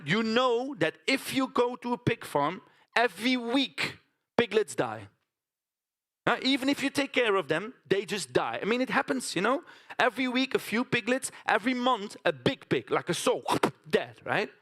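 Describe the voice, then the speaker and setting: High-voiced storyteller man. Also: a bit bright. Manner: chatty, addresses the audience with tag questions. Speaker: stage performer. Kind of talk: theatrical storytelling monologue. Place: conference stage.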